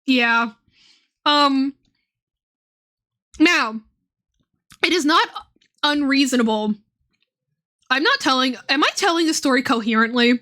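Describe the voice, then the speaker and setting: A woman's voice: high-pitched, animated, slow, pauses often, pushed and bright. A young woman streaming and chatting casually, rambling with lots of fillers and swearing. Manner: rambling, profane, many fillers.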